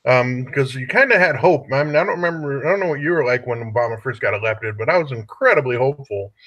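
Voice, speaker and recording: A man's voice: mid-range voice, expressive, quick pace, a bit bright, dull audio. Casual male podcast host, rambling and foul-mouthed. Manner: profane, rambling, drops "dude" often. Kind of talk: casual political chat.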